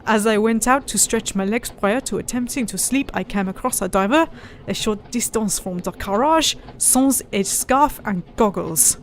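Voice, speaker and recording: Woman, let's play host, slightly high voice, giggly, reads game text with playful emphasis. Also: normal speed, slight background noise. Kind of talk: casual gameplay chat and reading aloud.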